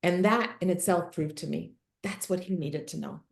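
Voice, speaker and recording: A middle-aged woman with a somewhat low voice tells a personal story on a podcast. She speaks earnestly and with feeling, and acts out the lines she and others said. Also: moderate pace, gravelly. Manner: earnest, emotional, quotes herself and her son vividly. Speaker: podcast guest, author and speaker. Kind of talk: candid interview storytelling.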